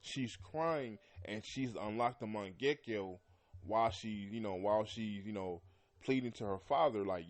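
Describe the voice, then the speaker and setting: A man hosting a podcast, talking loosely about an anime with lots of fillers and frequent throat clearing. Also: fairly low pitch, animated, moderate pace. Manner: loose and rambling, heavy with "you know" and "man"; often clears his throat. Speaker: podcast host. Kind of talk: casual anime commentary.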